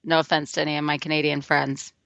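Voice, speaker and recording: A woman's voice: low-pitched, little pitch movement, fast, vocal fry, a bit bright, clear, resonant tone, dry recording. A woman co-hosting a radio talk show, chatting in a rambling, casual way with lots of restarts. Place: radio studio.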